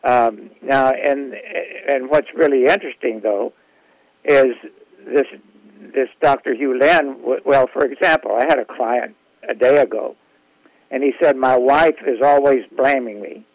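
A man speaking as a guest on a talk radio show, explaining his therapy practice in a halting way with frequent restarts. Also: mid-range voice, no echo, low-quality recording. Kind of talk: casual radio interview.

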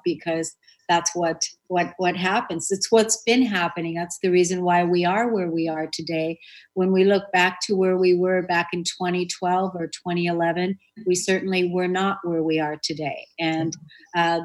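A woman's voice: fairly low pitch, low-quality recording. A woman hosting a spiritual radio show, talking in an earnest, flowing way with fillers and restarts. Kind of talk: spiritual conversation.

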